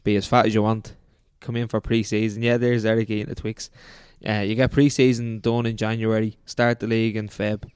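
A man's voice: fairly low pitch, little pitch movement, a little fast, hardly any pauses, a little mellow, clear, resonant tone, dry recording, clean studio sound. An Irish man co-hosting a football podcast, laying out his views at length in casual chat. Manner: laid-back, explains at length. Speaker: podcast co-host.

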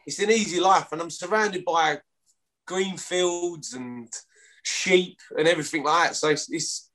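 A man's voice: a little high, measured pace, a bit bright. A man in his thirties with a London accent, a rugby player chatting casually as a guest, rambling with stumbling restarts and some swearing. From London, England. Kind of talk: casual chat.

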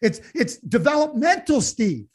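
With a very high, mellow-tinged voice, this man co-hosts a casual sports show and speaks in an unhurried but very animated way. His passionate rant is full of restarts and repeated words.

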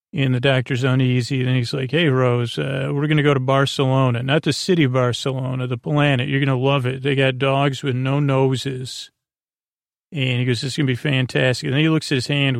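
A man hosting a sleep podcast, retelling a story in a halting, rambling way full of fillers and restarts. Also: mid-range voice, gravelly, no echo, studio quality. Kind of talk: drowsy rambling recap.

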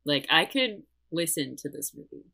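A woman's voice: sits low, normal speed, creaky, low-quality recording. A young woman in casual podcast chat about a movie, laughing often and acting out lines she quotes. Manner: giggly, animated, quotes lines in acted voices.

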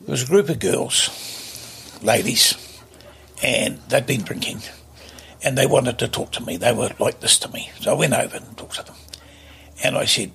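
Gravelly older New man. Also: mid-range voice, animated, moderate pace, long pauses, bright, forceful tone, slight background noise. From New Zealand. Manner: blunt, emphatic, repeats himself. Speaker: guest. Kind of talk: casual interview storytelling.

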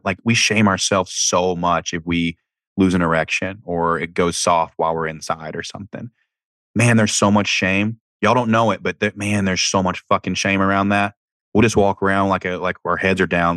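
A young man with a low voice talks candidly in a relaxed, conversational way, often repeating a word as he restarts a thought. The sound is dry and close, with no room echo. He sounds like a podcast host giving frank advice. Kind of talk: casual advice talk.

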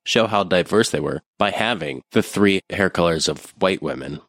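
A man's voice: low voice, lively intonation, moderate pace, a bit bright, no echo, clean studio sound. A man co-hosting a podcast, chatting crudely and riffing with profanity. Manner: profane, riffing, acts out voices in quotes. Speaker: podcast co-host. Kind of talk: crude casual chat.

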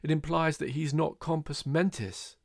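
A man's voice: a little high, steady tone, normal speed, gravelly, no echo, studio quality. A man reading the lines of a pedantic male lawyer who speaks precisely about points of law. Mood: lecturing.

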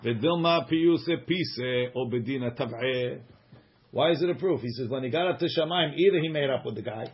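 Husky guy teaching gemara, reads then translates, cracks jokes, muffled lo-fi recording. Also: mid-range voice, moderate pace. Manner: reads Aramaic text then translates, joking asides. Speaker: Talmud teacher. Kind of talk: Gemara class, reading and explaining.

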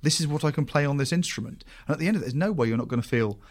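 A man's voice: on the high side, animated, very fast. A man in a casual chat, mostly giving short encouraging reactions and now and then adding a thought.

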